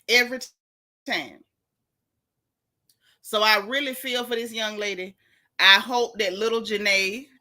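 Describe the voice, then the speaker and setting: A woman's voice: mid-range voice, bright, forceful tone. A woman hosting a gossip show as a casual livestream, dramatic and theatrical, talking straight to her chat viewers. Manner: talks directly to chat viewers.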